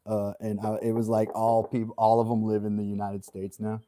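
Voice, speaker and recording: A man's voice: fairly low pitch, monotone, moderate pace, mellow. A man hosting a livestream in casual chat, joking around and laughing often as he rambles. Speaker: livestream host.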